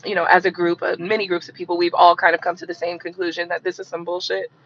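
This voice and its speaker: A woman hosting a live stream who rants bluntly and profanely and repeats herself for emphasis, her voice hoarse and coughing from a cold. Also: on the low side, little pitch movement, fast talker, fairly bright tone, dull audio. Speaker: tarot reader hosting a livestream.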